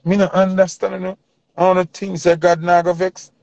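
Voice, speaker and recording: A Jamaican man rants in thick patois, hammering his points over and over like a sermon. His voice sits a little high with a gravelly edge. The recording is dry and slightly muffled. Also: level tone, moderate pace, a little mellow, no echo. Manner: patois-heavy, preachy, repeating points for emphasis. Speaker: commentator. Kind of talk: impassioned opinion rant.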